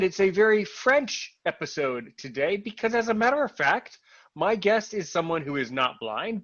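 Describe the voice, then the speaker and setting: Bright-voiced upbeat podcast host man. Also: on the high side, no echo, muffled recording. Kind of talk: podcast interview.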